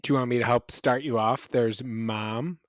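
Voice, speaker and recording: Gentle man with a dry, close sound. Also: medium pitch, fairly even intonation, moderate pace, no echo. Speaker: podcast co-host. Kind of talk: casual podcast chat.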